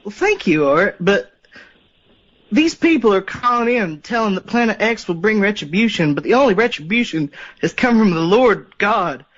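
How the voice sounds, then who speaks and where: A man's voice: high-pitched, big pitch swings, normal speed, a bit bright, highs cut off. A man calling in to a radio show, speaking in a preachy, disapproving manner. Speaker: caller. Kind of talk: phone-in call.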